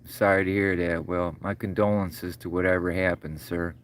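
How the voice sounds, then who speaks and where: A man's voice: low voice, flat delivery, normal speed, slight background noise. A middle-aged man hosting a casual livestream, rambling in a folksy way, choked up and calling viewers brother and sir. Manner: choked up, voice breaking. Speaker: livestream host.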